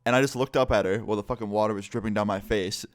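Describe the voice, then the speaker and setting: A man's voice: fairly low pitch, fairly even intonation, very fast, no room sound, clean studio sound. Exasperated young man telling a story. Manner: exasperated storytelling with frequent swearing. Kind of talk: casual storytime vlog.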